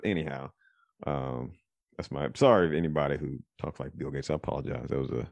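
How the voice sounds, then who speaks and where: Brief: male podcast host, very deep voice, loose and digressive, dry close recording. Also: fairly even intonation, fast, no echo. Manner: rambling, digressive, thinks out loud. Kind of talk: casual podcast chat.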